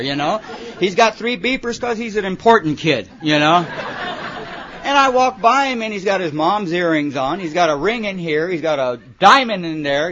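A man sharing humorous stories at a recovery meeting, rambling and full of "you know" and "man". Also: sits high. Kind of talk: humorous storytelling to a live audience. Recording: muffled recording with audience laughter.

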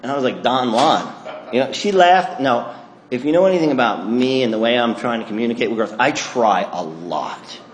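A man's voice: mid-range voice, animated, normal speed, reverberant. A man telling a self-mocking story about his drinking to an audience, acting out his own thoughts. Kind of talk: comic storytelling talk to an audience.

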